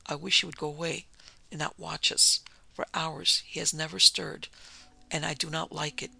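A reader voicing a tired male pastor who speaks in a quiet, uneasy way. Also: mid-range voice, level tone, moderate pace, gravelly, slightly rough, full character voice.

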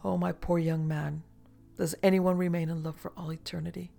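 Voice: mid-range voice, little pitch movement, moderate pace, gravelly, warm tone. A storyteller voicing a woman over a century old who speaks in a detached, languid, world-weary way, with faint music behind. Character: weary ageless woman, emotionless.

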